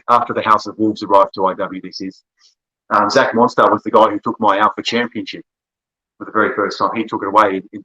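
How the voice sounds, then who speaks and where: A man's voice: on the low side, pushed and bright, low-quality recording. A man with an Australian accent, a podcast guest telling long, rambling stories and laughing often. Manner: rambling storyteller, laughs often, self-corrects. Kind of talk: casual conversation.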